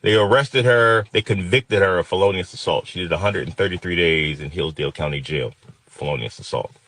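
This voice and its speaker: A man's voice: deep voice, fairly quick, fairly bright tone, dry recording. A man in his fifties from Detroit telling a personal story with intense, emotional, vivid retelling. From Detroit, USA.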